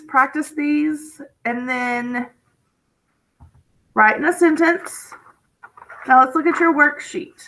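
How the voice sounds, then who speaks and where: A woman teacher walks through a phonics lesson at an unhurried pace. Her voice sits high and sounds bright and clear, and she keeps checking in with students in a chatty, encouraging manner. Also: low-quality recording.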